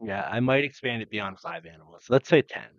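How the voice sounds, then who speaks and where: A man's voice: medium pitch, a little fast, no echo, highs cut off. A young man co-hosting a podcast, telling rambling made-up stories in casual chat, swearing a lot and laughing often. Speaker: podcast co-host.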